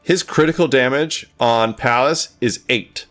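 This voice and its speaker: A man running a tabletop game as game master, animated and playful, swearing when rolls go badly. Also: medium pitch, unhurried, faint music behind.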